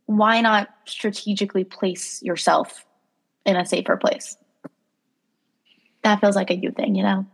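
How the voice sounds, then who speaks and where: A woman's voice: medium pitch, flat delivery, unhurried, vocal fry, long pauses, breathy edge. A young woman co-hosting a casual podcast who laughs often and tells rambling stories full of fillers. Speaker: podcast co-host. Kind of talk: casual chat.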